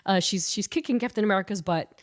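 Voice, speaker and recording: Co-host: stuffy-nosed woman, lively storyteller, laughs a lot, casual. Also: medium pitch, fast. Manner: animated storytelling, laughs often. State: stuffy nasal. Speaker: podcast co-host. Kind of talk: casual chat.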